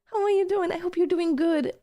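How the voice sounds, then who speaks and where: A woman's voice: extremely high pitch, brisk, warm tone. A woman streamer in casual reaction-stream chat, gushing and emotional, repeating her thanks over and over.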